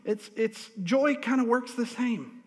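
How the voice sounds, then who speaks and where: A male pastor preaching a lively, humorous sermon in a church, drawing responses from the congregation. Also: very high-pitched, measured pace. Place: church sanctuary. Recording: long hall reverb.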